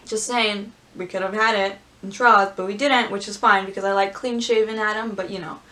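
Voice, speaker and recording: A woman vlogger reading aloud and chatting casually, gushing and squealing with excitement. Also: medium pitch, a little fast, slight background noise. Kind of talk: casual script-reading commentary.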